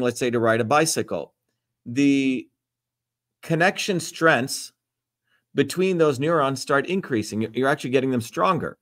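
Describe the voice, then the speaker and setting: A man's voice: medium pitch, a bit bright. A man hosting a livestream Q&A, talking bluntly and emphatically, lecturing and swearing freely. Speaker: host. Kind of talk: livestream Q&A talk.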